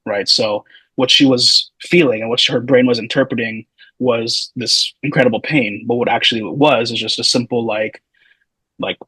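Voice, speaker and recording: Husky-voiced man telling stories casually. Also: mid-range voice, steady tone, normal speed, bright, forceful tone, no room sound, rough recording. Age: 30s. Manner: loose, meandering, full of hedging asides. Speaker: podcast guest, physical therapy student. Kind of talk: casual storytelling.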